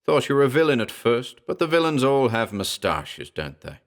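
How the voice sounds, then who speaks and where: A man's voice: medium pitch, sing-song, moderate pace, pitched above the performer's own voice. A man voicing a huge talking gorilla who growls his words but speaks with wry, slangy street talk in a horror storybook reading. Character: educated talking gorilla, huge, gruff, wisecracking.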